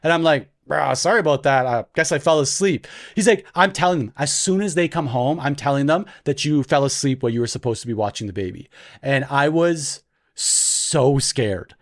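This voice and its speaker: A man's voice: mid-range voice, moderate pace. A young man co-hosting a podcast, telling a story in casual chat and acting out the voices he quotes. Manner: animated, acts out quoted voices loudly. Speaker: podcast co-host.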